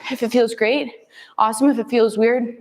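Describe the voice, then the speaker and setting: A woman's voice: on the high side, fairly even intonation, moderate pace, a little mellow, big-room sound, slight background noise, rough recording. A woman fitness instructor leading a follow-along kettlebell workout, cueing moves in short upbeat counts.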